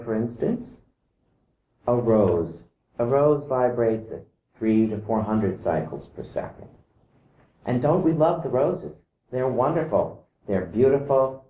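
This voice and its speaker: A man from outside Iceland gives a calm explanatory talk to camera, singing short "da" syllables to mimic vibrations. His voice is mid-range. The rough recording sounds roomy, with slight background noise.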